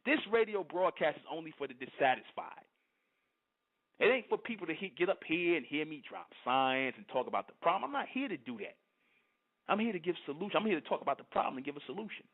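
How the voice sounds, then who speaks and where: A middle-aged man, hosting an internet radio show and preaching in a fiery monologue that keeps asking "you understand?". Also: on the high side. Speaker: radio host. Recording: tinny phone-line audio.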